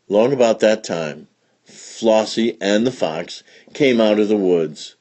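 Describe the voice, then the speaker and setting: Husky, slow, very animated male read-aloud storyteller. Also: lowish voice. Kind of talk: expressive children's story reading.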